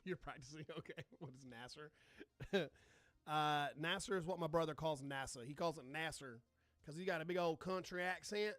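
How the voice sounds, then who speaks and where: Guy with a pretty high voice doing a chill livestream, swears a bunch, snarky with chat, dry close sound. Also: moderate pace, fairly bright tone, dry recording. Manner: chatty, swears, answers viewer comments; sarcastic toward trolls. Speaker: astronomy livestream host. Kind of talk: casual live commentary.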